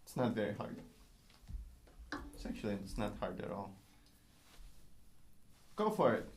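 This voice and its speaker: A man's voice: lowish voice, very animated, measured pace, background noise. A man who is not a native English speaker, giving a patient, encouraging one-on-one violin lesson and singing rhythms aloud. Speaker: violin teacher.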